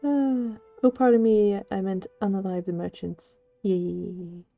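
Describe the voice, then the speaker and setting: A woman livestreaming a game, chatting playfully with viewers and gushing over cute things, on slightly dull lo-fi stream audio. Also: gravelly. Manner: playful, gushing, switches into squeaky cute voices. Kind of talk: casual gaming livestream chat.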